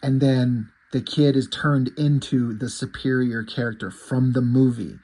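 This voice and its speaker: A man's voice: mid-range voice, steady tone, measured pace, dark tone. A man casually reviewing a comic book, rambling and correcting himself, with the odd swear word.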